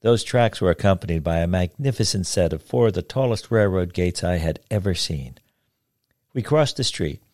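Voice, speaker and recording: A man in his seventies reading his own folksy story, then chatting in an unhurried way with some hesitation. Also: low voice, expressive, darkish tone, dry recording, clean studio sound. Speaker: storyteller, author.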